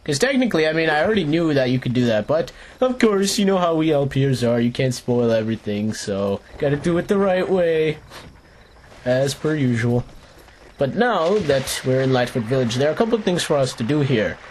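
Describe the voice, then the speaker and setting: A man's voice: medium pitch, lively intonation, a little fast, darkish tone, a little hiss or hum. A young man hosting a let's play, giving playful, jokey gameplay commentary, rambling and talking to the characters on screen. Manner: rambling, restarts his sentences. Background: game music.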